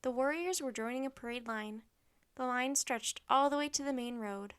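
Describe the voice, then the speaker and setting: Brief: storybook narrator, woman, high and bright, steady delivery. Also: moderate pace, clean tone. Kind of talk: children's book read-aloud.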